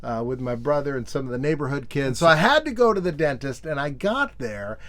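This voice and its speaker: A man's voice: mid-range voice, lively intonation, a little fast, fairly bright tone. A man hosting a nostalgia video in a casual, joking tone, reading old magazine pages aloud and slipping into silly voices. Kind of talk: casual comedic commentary.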